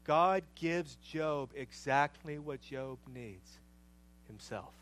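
A middle-aged man delivering a sermon in a high-pitched voice. He speaks slowly and deliberately and repeats his phrases for emphasis. He builds to loud, passionate peaks and then sinks back to quiet, low lines. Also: slight background noise, low-quality recording. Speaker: preacher.

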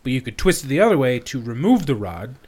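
A young man co-hosting a podcast, trading casual banter with deadpan jokes, lots of laughter and swearing. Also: medium pitch, fast talker. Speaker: podcast co-host.

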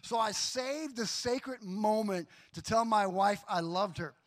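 A middle-aged man preaches in a church, voice pitched high for a man. He tells his story with animation, laughing and acting out the other voices as he goes. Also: unhurried. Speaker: pastor. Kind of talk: sermon with personal story.

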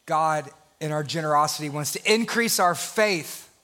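A man's voice: on the high side, normal speed, pushed and bright. A male pastor preaching a sermon with passion, building his points through repeated phrases.

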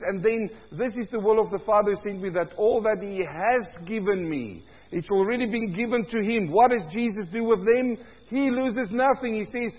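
A man preaching a sermon, asking rhetorical questions and swinging between hushed lows and loud emphatic peaks. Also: slightly rough. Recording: dull sound in a long-reverb hall.

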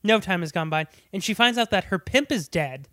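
A man's voice: sits high, animated, brisk, fairly bright tone, dry recording, studio quality. A man co-hosting a podcast, chatting casually about a movie, laughing often and slipping into quoted voices. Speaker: podcast co-host.

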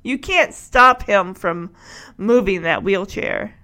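A woman's voice: mid-range voice, slow, bright, forceful tone. A woman chatting casually as she recaps and reacts to a television show, laughing often as she goes.

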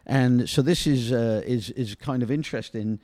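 A middle-aged man from Britain, formerly a soccer player, tells drawn-out stories as a guest in an interview, never letting a pause pass without "you know." His voice sits at medium pitch with a darkish tone, and the recording is dry.

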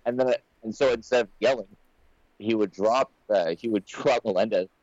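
A man's voice: on the low side, normal speed, dry recording. A man co-hosting a late-night fight podcast from home, talking casually and restarting his sentences often. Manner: rambling, restarts often, animated storytelling. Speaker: podcast co-host. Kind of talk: casual chat. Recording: dull lo-fi sound, dry.

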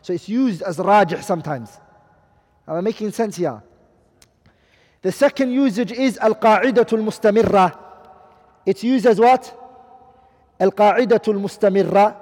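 High-voiced man teaching in a hall. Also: moderate pace, pauses often, darkish tone. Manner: asks the class questions, repeats and translates Arabic terms. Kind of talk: classroom lecture. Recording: long hall reverb.

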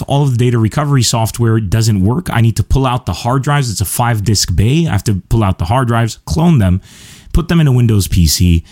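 A man's voice: fairly low pitch, a little mellow. A man hosting his comedy podcast, talking straight to listeners in a rambling, self-mocking, chatty way. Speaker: podcast host. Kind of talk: casual comedic monologue.

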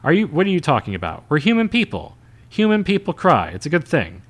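A man voicing a blunt, brash older Hollywood agent who talks fast and emphatically in a raised voice. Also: mid-range voice, very animated, natural voice.

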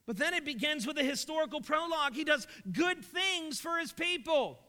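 Male preacher with a bright, sharp tone. Emphatic sermon delivery, recorded in a reverberant hall. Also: very high-pitched, animated, normal speed, hardly any pauses. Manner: emphatic, asks rhetorical questions.

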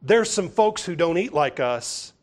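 A man's voice: fairly high pitch, expressive, unhurried. A man doing a stern Southern housekeeper. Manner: scolding, firm and commanding.

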